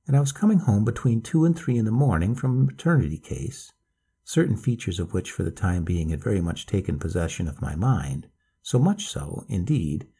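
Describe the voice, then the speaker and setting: Male audiobook narrator, low gravelly voice, lively intonation. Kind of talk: scripted storybook narration.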